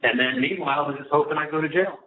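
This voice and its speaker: A man's voice: a little high, quick pace. A man on a recorded phone call, rambling through a long, aggrieved account of a dispute. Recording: tinny, echoey phone line with faint noise.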